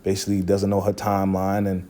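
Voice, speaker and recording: A man's voice: sits low, completely flat delivery, fast talker, warm tone. A man casually recapping a TV episode, retelling scenes by briefly mimicking the characters' lines. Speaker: recap video host.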